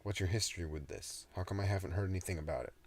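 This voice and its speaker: A man's voice: low-pitched, very fast, a little hiss or hum, lightly acted. A man voicing a curious, wry crew member in a read-aloud story, dry and questioning.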